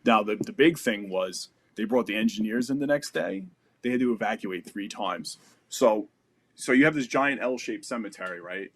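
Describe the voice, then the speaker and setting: A man's voice: lowish voice, moderate pace, slight background noise. A man in his thirties, a podcast guest, telling a story in a loose, casual way, full of "like" and "you know" and the odd swear word.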